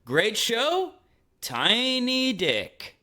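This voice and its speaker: A man's voice: very high voice, huge pitch swings, very slow, pushed and bright, voice pushed up, exaggerated voice. A man putting on the voice of his own snide, mocking male inner critic, which hurls blunt insults at him.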